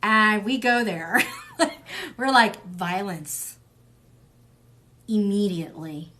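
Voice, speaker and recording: A woman's voice: mid-range voice, animated, drawn-out words, bright, forceful tone. A young woman reading tarot cards in a casual livestream. She talks bluntly, swears freely, drifts into tangents and fills her speech with "like" and "um.". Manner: chatty, wanders off on tangents. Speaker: tarot reader.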